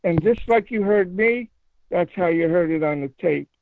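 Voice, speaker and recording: A man telling a paranormal story in a casual phone interview, rambling and halting with many restarts. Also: high voice, no room sound. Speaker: paranormal investigator guest. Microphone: phone call. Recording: tinny phone line, fry.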